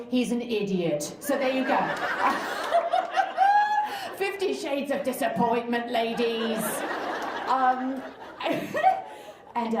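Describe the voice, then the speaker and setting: A woman in her forties performing a stand-up comedy set, animated and mocking slang in exaggerated voices. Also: high-pitched. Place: comedy night in a live venue with audience. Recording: echoey room, loud crowd laughter and noise.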